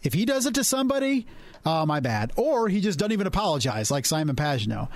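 A man's voice: high-pitched, expressive, fast talker, dry recording. A man co-hosting a podcast in casual chat, blunt and opinionated. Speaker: podcast co-host.

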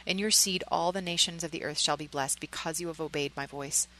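God calling down from heaven, read by a woman, slow and solemn, low voice with a crisp bright edge. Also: fairly even intonation, slight background noise, poor audio. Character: commanding voice of God from heaven, male.

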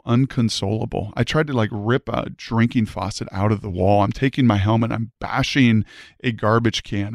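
Man in his own words, earnest testimony, mid pitch, dry close sound. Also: no echo. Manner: earnest, emphatic storytelling. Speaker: former high school quarterback. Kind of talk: personal faith testimony.

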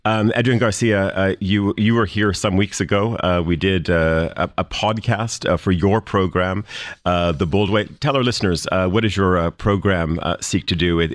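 Low, dry-sounding male radio host; live studio show, hesitant delivery full of fillers. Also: dry recording. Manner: halting, many "uh" fillers.

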